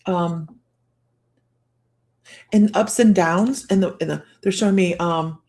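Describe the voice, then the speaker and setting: A middle-aged woman with a hoarse voice, hosting a casual live-streamed psychic reading in a chatty, rambling way full of fillers and restarts. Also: on the low side, unhurried, pauses often, mellow. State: hoarse from a cold.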